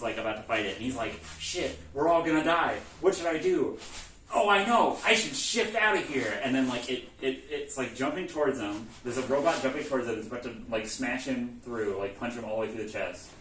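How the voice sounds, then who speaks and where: A man casually retelling a game's story, acting out the characters' lines in an animated, profane way. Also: mid-range voice. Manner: animated retelling, acts out characters' lines with frequent swearing and laughs. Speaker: presenter recapping a video game plot. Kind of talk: casual comedic lecture. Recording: echoey room, distant mic, faint noise.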